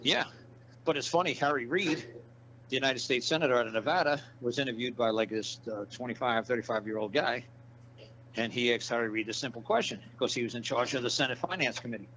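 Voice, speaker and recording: An interview guest with a mid-range, slightly bright voice talks a little fast, bluntly and profanely rambling through stories and repeating his points in a casual interview. The audio is dull and lo-fi, with background hiss.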